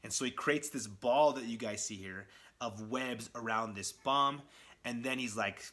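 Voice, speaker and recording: Man, comic review vlogger, bright and forward tone, chatty and excitable retelling. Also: mid-range voice, measured pace. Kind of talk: casual comic recap vlog.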